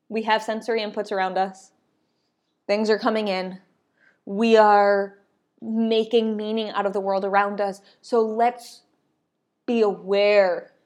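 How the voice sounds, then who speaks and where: A young adult woman hosting a podcast, talking in a casual, reflective way. She is chatty and expressive and often adds "like" and "right?". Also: medium pitch. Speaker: podcast host.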